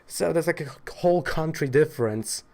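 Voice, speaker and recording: A man's voice: fairly high pitch, moderate pace, a little mellow. A man from Poland tells a story in a casual vlog, rambling with lots of fillers in a wry, exasperated way. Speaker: trading card seller telling a story.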